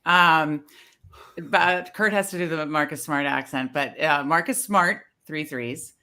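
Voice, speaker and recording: An easygoing woman gives her betting picks on a sports panel with hesitant fillers. Her voice is bright and forward. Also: sits low, measured pace. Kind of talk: casual sports betting chat.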